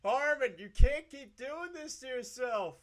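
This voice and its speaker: Man, high-pitched voice, slow delivery, profane ranting, live streamer. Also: animated, fairly bright tone. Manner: profane, angry, repeats himself.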